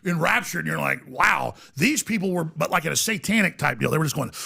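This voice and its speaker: A man who is a podcast guest, telling a long story in an animated, rambling way. He restarts often and acts out the voices of other people. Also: fairly high pitch, creaky, husky.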